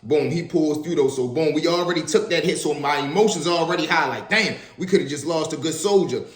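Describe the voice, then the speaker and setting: A man in his twenties telling personal stories in a casual, slangy, animated way, often turning to the listeners with asides. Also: a little high, brisk. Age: 20s. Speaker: storyteller. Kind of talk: casual storytelling vlog. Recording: echoey room.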